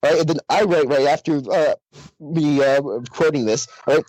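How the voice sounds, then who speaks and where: A man's voice: on the high side, fairly even intonation, normal speed, darkish tone, dry recording, rough recording. A young man, author and outdoors radio host, talking emphatically and preachily in a podcast discussion.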